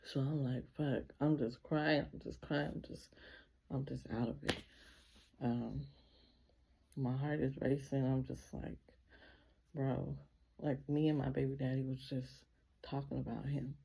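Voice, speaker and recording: A woman's voice: extremely low pitch, little pitch movement, a little slow, creaky, long pauses, warm tone, husky. A woman telling a personal story in a casual vlog, speaking emotionally and filling her sentences with repeated 'like'. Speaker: vlogger.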